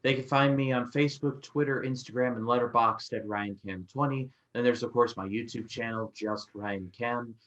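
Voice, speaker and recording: A man's voice: mid-range voice, fairly even intonation, normal speed, hardly any pauses, a bit bright, muffled recording. A man co-hosting a film review podcast, chatting casually and stumbling through restarts as he retells scenes.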